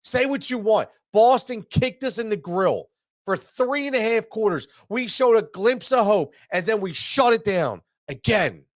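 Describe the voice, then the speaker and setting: In an animated, high voice at a measured pace, a male sports show host rants in frustration after a defeat. Congested from allergies, he is heated and repetitive, with stammering restarts, and the studio-quality audio carries no echo.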